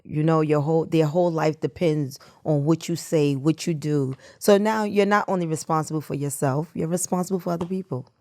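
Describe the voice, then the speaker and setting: A middle-aged woman, the host's mother, telling a painful personal story in a reflective, soft-spoken way. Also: low-pitched, steady tone, brisk, hardly any pauses, no echo, clean studio sound. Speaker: guest, mother of the host. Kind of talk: emotional personal recollection.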